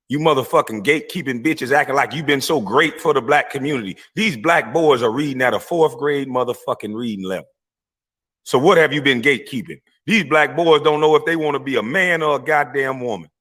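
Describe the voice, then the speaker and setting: A man delivers a heated live-stream rant. His voice sits at an ordinary pitch, blunt and profane, and he swings into loud mocking voices when he quotes his rivals.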